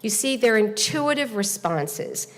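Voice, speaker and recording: A woman hosting a seminar, giving an earnest formal speech to an audience, telling a story with pauses and fillers. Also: a little high, big pitch swings. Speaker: event host and presenter. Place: large hall at a speaking seminar. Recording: long hall reverb.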